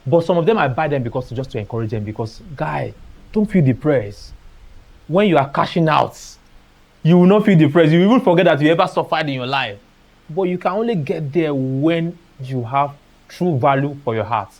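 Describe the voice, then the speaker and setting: A man's voice: on the high side, animated, moderate pace, a little mellow. Nigerian man telling stories at a seminar. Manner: storytelling, acting out dialogue, dropping into Pidgin phrases. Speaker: artist speaking at a seminar. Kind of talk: motivational seminar talk.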